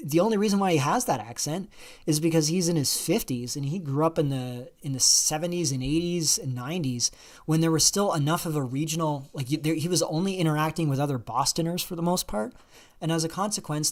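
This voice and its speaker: A man hosting a livestream, talking casually at length and answering viewer questions, with lots of fillers and restarts. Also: fairly high pitch. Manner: rambling, many fillers and restarts. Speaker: livestream host.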